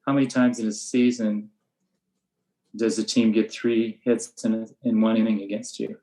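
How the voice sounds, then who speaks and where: An older man and veteran baseball coach talks through his practice methods in a relaxed interview, matter-of-fact, and now and then he acts out the blunt lines he says to his players. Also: on the low side, normal speed, poor audio. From USA. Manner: flat, matter-of-fact storytelling, acting out his own sharp coaching lines. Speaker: high school baseball coach.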